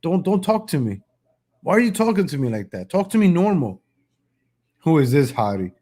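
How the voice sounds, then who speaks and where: A man hosting a live political stream in a loose, casual way. His voice sits a little high for a man, and his talk is mocking and rambling, full of restarts. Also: big pitch swings, moderate pace, mellow.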